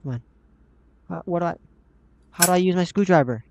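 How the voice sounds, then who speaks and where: A man's voice: sits high, fairly quick, a little hiss or hum. A man giving casual, jumpy horror gameplay commentary, talking to himself and calling out to the characters, his voice often cracking upward. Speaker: gaming channel host. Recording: slightly dull lo-fi mic.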